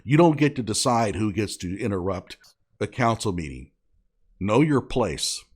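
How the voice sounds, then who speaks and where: A man's voice: lowish voice, lively intonation, normal speed, husky. A man delivering an indignant, sarcastic commentary rant, scolding as he talks. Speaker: online commentator.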